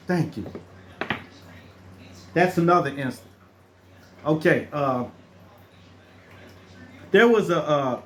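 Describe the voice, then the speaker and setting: A man's voice: on the high side, fairly bright tone. A middle-aged man telling true stories in a casual, rambling way, restarting his sentences and acting out the people in them. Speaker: storyteller. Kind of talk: casual spoken storytelling.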